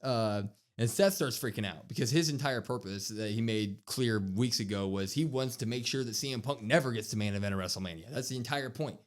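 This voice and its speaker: His pitch is medium and his delivery a little fast with few pauses. He's a wrestling podcast co-host recapping an episode casually, animatedly acting out quotes in a raised voice.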